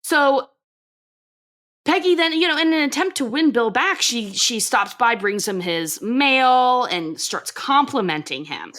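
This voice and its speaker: Bright-voiced woman animatedly recapping an episode. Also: fairly high pitch, unhurried. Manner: animated retelling, acts out quotes, swears. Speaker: podcast co-host.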